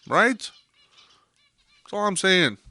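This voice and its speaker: A man's voice: high-pitched, sing-song, slow, bright, forceful tone, no room sound. A young man hosting a podcast, delivering an intense monologue that swears freely and hammers points home by repeating them. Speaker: podcast host.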